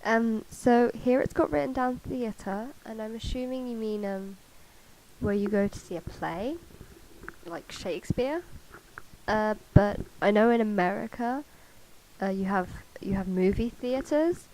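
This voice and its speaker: A woman's voice: on the high side, unhurried, a little mellow, low-quality recording. A woman chatting casually in a vlog, chatty and self-mocking with casual swearing, recorded on a cheap karaoke mic. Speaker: vlogger. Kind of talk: casual chat.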